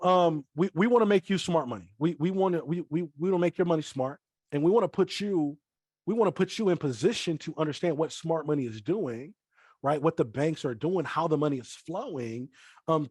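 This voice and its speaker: A man's voice: on the high side, a little mellow, dry recording, studio quality. Man teaching trading, repeating on purpose. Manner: repeats himself on purpose, addresses chat directly. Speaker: forex trading trainer. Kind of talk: live online training call.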